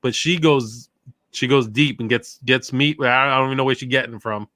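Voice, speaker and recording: A man's voice: mid-range voice, steady tone, a little fast, bright, forceful tone. A man hosting a casual livestream chat on a video call, talking animatedly and laughing often. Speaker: host.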